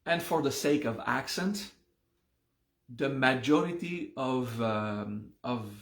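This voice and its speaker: A man's voice: medium pitch, animated, a bit bright, roomy sound. A man teaching a live online class, patiently explaining word meanings and checking in often with the listeners. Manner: slow, patient explaining with frequent "okay?" checks. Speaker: meditation and mantra teacher.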